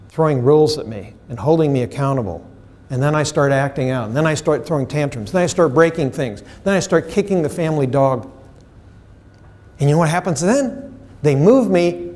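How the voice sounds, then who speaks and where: An emphatic, middle-aged man presents at a seminar, his voice sitting a little high for a man. He throws questions out to the room and slips into the voices of the people he quotes. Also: a little mellow. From United States. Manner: emphatic, asks the audience questions, acts out quotes. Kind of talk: professional development lecture. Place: seminar room with live audience.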